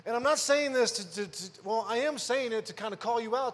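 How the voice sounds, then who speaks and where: Male pastor, high pitch, chatty sermon delivery with loud emphatic peaks, hall reverb. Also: a little fast, hardly any pauses. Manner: conversational preaching, rhetorical questions, rises to loud emphasis.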